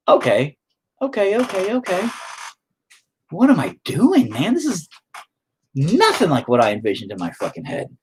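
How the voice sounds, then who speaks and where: A man's voice: medium pitch, darkish tone, a little hiss or hum, rough recording. A man chatting casually on a live stream while he paints, rambling, swearing often and joking at his own expense.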